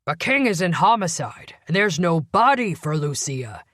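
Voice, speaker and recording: A woman narrator puts on a gruff older police commander for an audiobook, a man close to retirement who growls and snaps. The voice comes out louder and rougher, defensive and curt. The studio sound is dry and close. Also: on the low side, very animated, normal speed, no echo. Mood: angry. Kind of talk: audiobook character voice.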